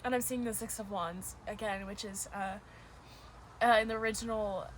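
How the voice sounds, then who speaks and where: A woman reading tarot cards in a casual, gushing way, often close to tears. Her voice sits at an ordinary middle pitch. Dogs bark clearly behind her. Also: fairly even intonation, normal speed, a little hiss or hum. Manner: emotional, gushing, near tears. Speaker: tarot reader. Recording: dogs barking in the background. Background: dogs barking.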